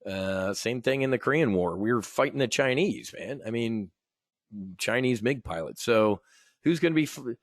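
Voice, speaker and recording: A middle-aged American man hosting a live options trading show, talking in a rambling, opinionated way with frequent restarts and throat clearing. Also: fairly low pitch, dry recording, clean studio sound. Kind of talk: casual live market commentary.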